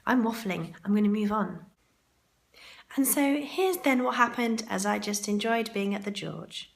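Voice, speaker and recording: A chatty woman talks straight to camera, rambling through her day. Her throat is sore and groggy, and a gravelly fry runs under her voice. She sounds casual and unscripted. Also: medium pitch, moderate pace. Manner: chatty and rambling, with asides to herself. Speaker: vlogger. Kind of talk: chatty vlog monologue. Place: hotel ladies' room for part of it.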